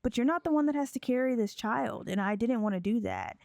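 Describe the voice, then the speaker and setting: A woman's voice: on the high side, expressive, a little fast, vocal fry, darkish tone, no room sound. A woman voicing a dazed, blunt young wife in a life-sim game. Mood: defensive.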